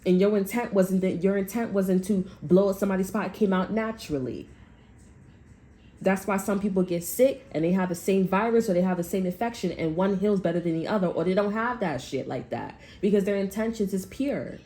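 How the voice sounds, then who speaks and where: Speaking a little fast in a medium-pitched, dark-toned voice, a woman gives a casual tarot reading. She rambles with frequent "like," talks bluntly with heat, and swears often.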